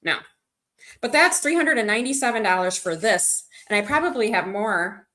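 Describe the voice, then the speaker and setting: Chatting loosely on a livestream, a woman vlogger drifts between stories and answering comments. She speaks at normal speed in a medium pitch, with lively intonation and a pushed, bright tone.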